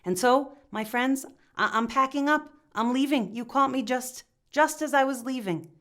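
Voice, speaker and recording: A woman's voice: high voice, moderate pace, a bit bright. A woman voicing a humble young village man who confesses his guilt earnestly and stumbles over his words. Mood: remorseful. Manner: confessional, stammering with restarts.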